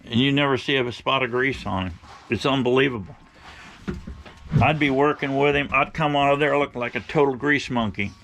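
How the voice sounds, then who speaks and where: A man's voice: mid-range voice, a little fast, gravelly, a bit bright, a little hiss or hum. A middle-aged man telling rambling, folksy stories to his viewers, blunt and opinionated. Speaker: outdoor vlogger.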